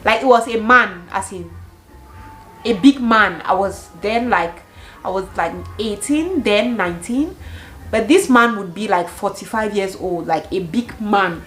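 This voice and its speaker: A young woman from Cameroon in her twenties, telling a storytime vlog with animated storytelling and bursts of laughter. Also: medium pitch, unhurried, soft background music, rough recording. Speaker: vlogger.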